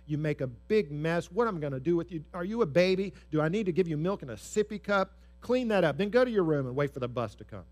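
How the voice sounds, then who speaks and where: A man's voice: on the high side, animated, fast talker, few pauses, natural voice. A man voicing an impatient parent who scolds a clumsy child in a belittling, exasperated way. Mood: scolding.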